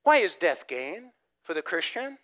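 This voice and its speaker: Animated preacher, high bright voice. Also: male voice, a little slow. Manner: animated preaching, swinging from loud emphasis to soft, near-whispered asides; repeats words as he restarts phrases. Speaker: pastor. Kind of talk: sermon.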